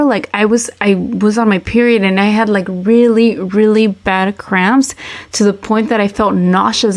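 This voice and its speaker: A woman co-hosting a podcast, chatting casually and rambling through a memory with lots of restarts. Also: mid-range voice. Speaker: podcast co-host. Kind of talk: casual chat.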